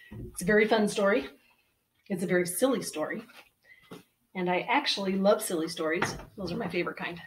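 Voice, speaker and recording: A woman librarian leads a storytime, unhurried and enthusiastic as she coaxes children to call out answers. She reads with theatrical gasps at a relaxed, slow pace. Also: mid-range voice, recorded from a distance. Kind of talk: storytime read-aloud for children. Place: at home.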